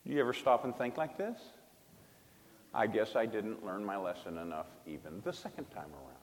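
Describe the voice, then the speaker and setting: A man preaching a personal testimony in sermon style, emphatic and swinging between loud bursts and hushed tones. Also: on the low side, animated, normal speed, long reverb tail, slight background noise. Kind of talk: sermon storytelling.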